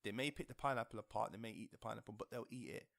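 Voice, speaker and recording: A man's voice: fairly low pitch, very fast, vocal fry, a bit bright, no room sound, studio quality. A man on a podcast, arguing insistently in casual chat, swearing and repeating himself. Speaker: podcast co-host. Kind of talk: heated casual argument.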